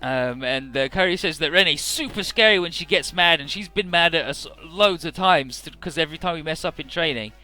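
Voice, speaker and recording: A man's voice: a little high, fairly quick, few pauses, bright, forceful tone, soft background music. A man giving casual, rambling commentary on a game, hesitant and swearing casually. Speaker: let's play commentator.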